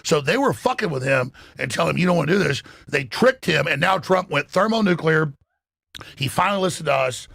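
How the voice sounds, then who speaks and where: A man's voice: a little high, animated, a little fast, gravelly, fairly bright tone, dry recording, studio quality. A man hosting a talk radio show, delivering heated, emphatic political commentary full of profanity and stumbling restarts.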